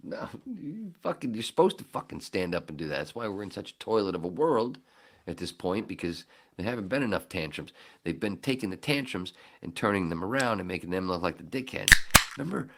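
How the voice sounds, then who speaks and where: A man hosting a podcast, telling a story casually with lots of swearing and acting out his own shouting. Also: sits low, a little fast, a little hiss or hum. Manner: profane, animated, acts out his own shouting. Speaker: podcast host.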